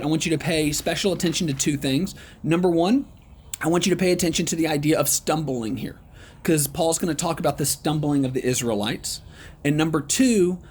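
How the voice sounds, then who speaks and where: A man conducts an online Bible study lesson, encouraging and conversational, pausing and saying um often. His voice is a little high and slightly rough.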